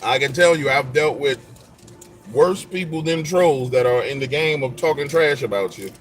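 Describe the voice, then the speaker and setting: A man's voice: mid-range voice, moderate pace, soft background music. A man in casual live-stream chat, trash-talking viewers and telling stories in loose slang.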